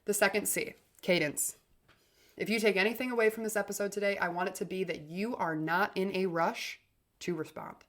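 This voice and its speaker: A woman hosts a self-help podcast in a casual, coaching tone. She speaks with emphatic energy and often restarts a phrase. Her loudness rises and falls for effect. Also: mid-range voice, fairly even intonation, brisk. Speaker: podcast host.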